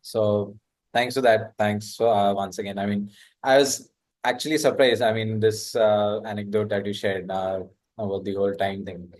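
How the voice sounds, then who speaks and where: Brief: podcast host, man with a lowish voice, halting delivery full of fillers. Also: little pitch movement, darkish tone. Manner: hesitant, many "uh" fillers. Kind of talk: interview hosting.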